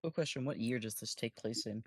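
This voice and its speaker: A man playing a tabletop game, asking casual quick questions. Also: mid-range voice, breathy edge, no echo, studio quality. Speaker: player.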